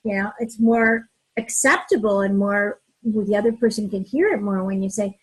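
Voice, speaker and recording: A woman's voice: medium pitch, fairly even intonation, moderate pace, breathy edge, rough recording. A woman who works as a couples therapist, talking animatedly in a casual advice chat and acting out example phrases.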